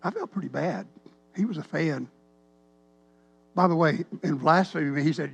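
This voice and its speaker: A man, a pastor telling a rambling, animated story in a sermon. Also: a little high, normal speed, gravelly, pauses often, breathy edge. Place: church sanctuary.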